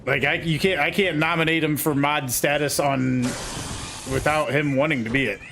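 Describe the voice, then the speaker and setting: A man's voice: a little high, fairly even intonation, normal speed, vocal fry, a bit bright, a little hiss or hum. A man in his forties, a game streamer, chatting casually with his viewers in an easygoing way and greeting them by name. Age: 40s. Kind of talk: casual live-stream chat.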